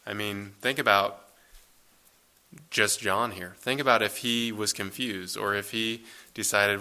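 A man preaching a conversational sermon, reading scripture aloud and then explaining it in a relaxed way with fillers. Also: on the low side, measured pace.

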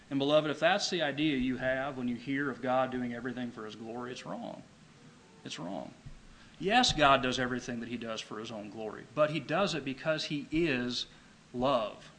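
A man preaching a sermon, emphatic, repeating key phrases and slowing down to read scripture. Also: medium pitch, fairly bright tone, slight background noise, rough recording.

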